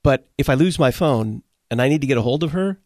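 A man from Texas hosting a theological radio discussion, asking his questions in a measured, deliberate way. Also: mid-range voice, animated, a little mellow, dry recording, clean studio sound. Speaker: radio host.

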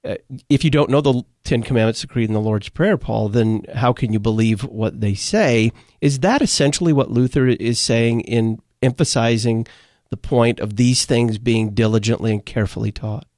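Man, from Texas, radio host, measured, deliberate questions, dry close sound. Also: mid-range voice, a little mellow, no room sound. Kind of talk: theological radio discussion.

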